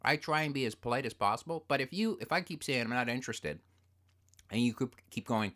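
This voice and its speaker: A man's voice: mid-range voice, a little fast. A man co-hosting a casual podcast, rambling, swearing and getting worked up as he talks. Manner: profane, rambling, excitable. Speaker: podcast co-host.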